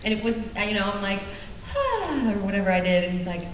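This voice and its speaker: A woman's voice: medium pitch, little pitch movement, very fast. A woman voice actress telling playful stories on a convention panel, acting out quotes. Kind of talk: panel storytelling. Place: large convention hall. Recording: distant echoey hall, phone-like audio, audience noise.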